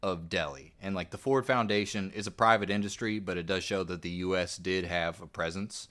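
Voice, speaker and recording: Brief: low-voiced male podcast host, relaxed storyteller, casual swearing. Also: a little fast. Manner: laid-back, swears casually, slips into goofy voices. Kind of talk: casual history podcast chat.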